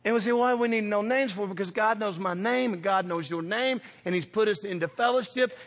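A man preaching a sermon, telling funny stories with animated shouts and laughter. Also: high voice, quick pace, hardly any pauses. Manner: animated, shouting bursts, laughing through punchlines. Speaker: pastor. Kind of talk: humorous storytelling sermon. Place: church sanctuary. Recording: reverberant church hall.

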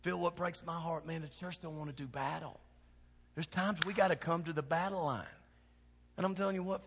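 A man from Kentucky with a Southern accent, a pastor preaching a sermon that swings from hushed lows to shouted exhortation. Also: animated, moderate pace, husky. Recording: long hall reverb.

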